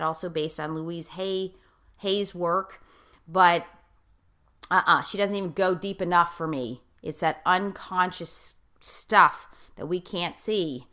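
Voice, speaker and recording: A middle-aged woman with a smooth, clear voice that sits slightly low. She tells a personal story earnestly and casually. She rushes ahead in quick bursts and often restarts her sentences. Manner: earnest, animated storyteller who repeats herself and speeds up in bursts. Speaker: host.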